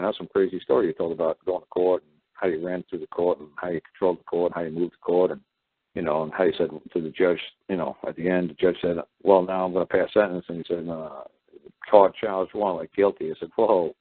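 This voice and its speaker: A man's voice: low voice, steady tone, fast talker, breathy edge, dry recording. A man hosting a talk show, telling a story in a blunt, combative way, repeating "I said" as he goes. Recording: tinny phone line.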